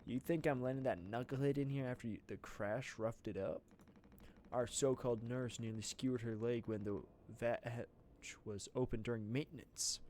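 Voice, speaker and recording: A man's voice: mid-range voice, fairly even intonation, moderate pace, a little mellow, a little hiss or hum, natural voice. A man doing a grumbling southern crew boss. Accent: American Southern, put on. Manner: complaining, gruff.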